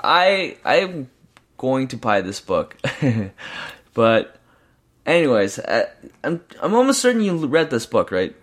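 A young man co-hosting a podcast, talking in a rambling, excitable way with lots of fillers and restarts. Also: medium pitch, takes it slowly, pauses often. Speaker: podcast co-host. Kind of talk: casual chat.

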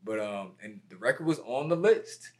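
A man, a music producer being interviewed, telling stories in a casual, lively way and acting out other people's lines. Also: lowish voice, moderate pace. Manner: animated, acts out quotes with raised voice.

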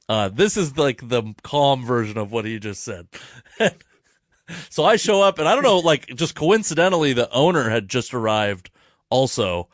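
A man hosting a casual podcast chat, telling a story in an animated, profane way. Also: medium pitch, normal speed, no room sound, studio quality. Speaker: podcast host.

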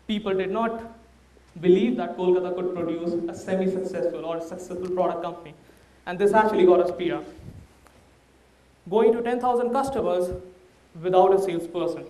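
A man's voice: high voice, fairly even intonation, a little fast, dark tone, echoey room, distant mic. A man with an Indian accent, a startup founder giving a candid, anecdote-filled talk to an audience. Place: large room before a live audience.

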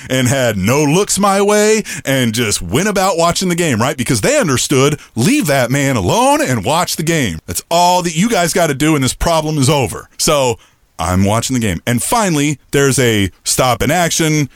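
A middle-aged man with a booming voice, co-hosting a podcast and telling a story in casual chat, acting out quoted lines in a raised pitch. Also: lively intonation, moderate pace, dry recording, studio quality. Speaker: podcast co-host.

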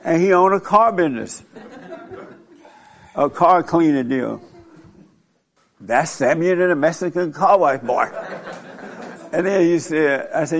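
An older man with a gravelly, somewhat raised voice hosts a casual talk show. He speaks bluntly and rambles through stories, laughing often as he talks. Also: fairly high pitch, lively intonation, measured pace, pauses often.

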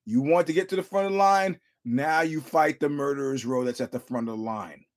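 A man's voice: on the high side, a little fast. Storytelling man with a raised voice. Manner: storytelling, profane, acts out quotes; repeats words and restarts, chuckles often. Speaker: podcast host. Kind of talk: casual fight commentary.

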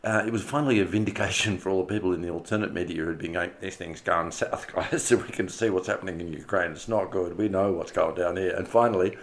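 A man's voice: sits low, fairly even intonation, fast talker, hardly any pauses. A man hosting his own audio show, chatting loosely through a month in review, laughing often and swearing casually. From Australia. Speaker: podcast host.

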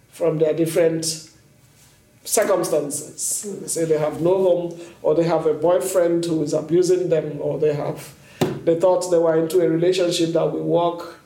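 A middle-aged woman from Nigeria with a Nigerian accent, a nun earnestly recounting events in an interview. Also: fairly low pitch. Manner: earnest, animated when quoting others. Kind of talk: interview storytelling. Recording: roomy sound from a distant mic.

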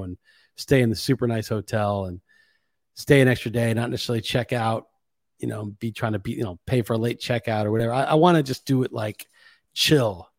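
A man's voice: mid-range voice, a little mellow, no echo, clean studio sound. A man in his forties hosting a podcast, rambling and venting with lots of swearing in a casual monologue. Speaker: podcast host.

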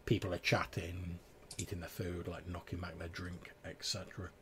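Man, game master, casual tabletop narration, soft and hesitant. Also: deep voice, completely flat delivery, moderate pace, slight background noise. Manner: casual, hesitant, many fillers, subdued.

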